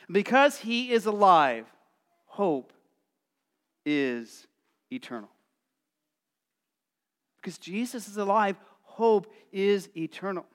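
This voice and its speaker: A male pastor preaching a sermon, telling the story in a lively way and acting out excited voices. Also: high voice, slow pace, pauses often, clear, resonant tone. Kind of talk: Easter sermon.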